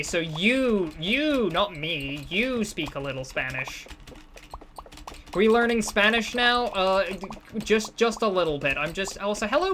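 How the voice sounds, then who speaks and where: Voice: medium pitch, a bit bright, slight background noise. A streamer chatting casually and rambling while playing a game, self-deprecating and often restarting sentences. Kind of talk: casual live-stream chat while gaming.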